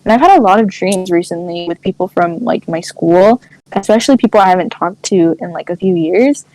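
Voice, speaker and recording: A young woman co-hosting a podcast, telling a dream story in animated casual chat, full of "like" fillers. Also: lowish voice, fairly quick, low-quality recording. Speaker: podcast co-host.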